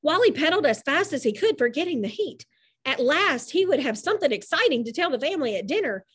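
Woman narrator, children's book reading, high voice, lively and animated delivery. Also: quick pace. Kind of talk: storybook reading aloud.

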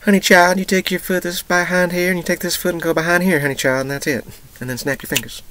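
A man's voice: sits high, steady tone, fast, bright, forceful tone, pitched above the performer's own voice. A man putting on his drawling southern mama. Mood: coaxing. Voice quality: drawling, twangy. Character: doting southern mother, middle-aged woman, drawling.

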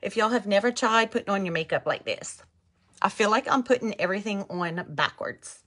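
A woman's voice: medium pitch, lively intonation, fairly quick, fairly bright tone. A woman with a thick Cajun Louisiana accent, from Louisiana, chatting to viewers through a live makeup tutorial. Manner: chatty, talks to viewers, reads out comments. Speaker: makeup vlogger.

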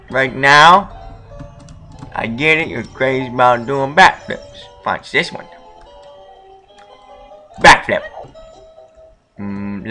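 A man's voice: mid-range voice, pushed and bright. Goofy young man narrating a game. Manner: goofy, jokey, talks to the game characters. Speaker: let's play gamer. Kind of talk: casual game commentary. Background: game music.

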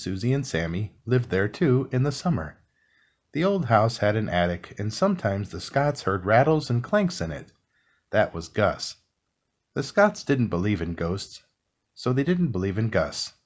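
A man reading a classic children's book aloud in a calm, soothing bedtime style. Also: lowish voice. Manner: slow, soothing, expressive reading. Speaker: storybook reader.

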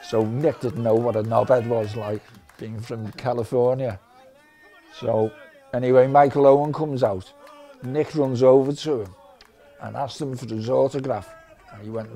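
A middle-aged man recounts football stories in an interview. His voice is warm and mellow, pitched in an ordinary male middle range. He talks in a lively, chatty way. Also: a little slow. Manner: chatty, lively anecdote-teller. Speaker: football fan. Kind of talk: documentary interview storytelling.

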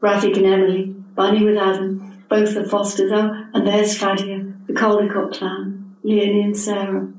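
A woman, reading her own story at a literary event in a measured, expressive way. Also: mid-range voice. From England. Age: 70s. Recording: echoey hall from a distant mic.

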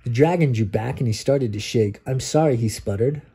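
A man, a dad, reading a rhyming picture book aloud to his child and pausing so the child can fill in the rhymes. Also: mid-range voice, dark tone, slight background noise. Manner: reads rhymes with pauses for a child to finish them. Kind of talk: bedtime story read-aloud.

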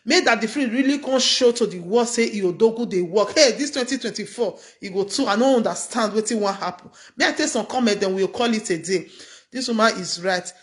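A woman's voice: a little high, brisk. A middle-aged woman with a Nigerian accent, chatting through a gossip story in a casual commentary style and often asking "you understand?". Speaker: gossip vlogger.

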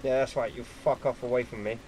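A man giving casual gameplay commentary at his computer, excitable and quick to swear at opponents. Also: medium pitch, a little hiss or hum, poor audio. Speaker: gaming YouTuber.

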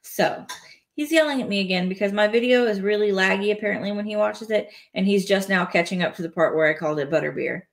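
Woman streaming from home, casual chatty vibe, jokes around and laughs a lot, middle pitch. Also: fast. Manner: chatty and playful, laughs between remarks. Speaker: live streamer. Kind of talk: casual live-stream chat while building a toy set. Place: home, indoors.

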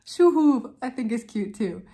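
A woman's voice: a little high, lively intonation, normal speed, loud music behind the voice. A woman from Canada, casually reacting to a video for her vlog, amused and laughing often. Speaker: vlogger and parent.

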